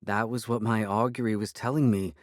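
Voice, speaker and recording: A man's voice: lowish voice, fairly even intonation, brisk, no echo, clean studio sound, lightly acted. A man voicing an earnest, intuitive young woman psychic who speaks eagerly in an audiobook. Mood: excited.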